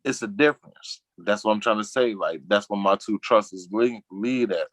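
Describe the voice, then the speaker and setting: A man talks in a low, deep voice, recorded dry and close. He rambles through casual chat in slang and drops his voice to act out things his friends say. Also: normal speed, fairly bright tone, no room sound, poor audio. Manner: rambling, slangy, acts out quotes in a lower voice. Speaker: guest on a talk show.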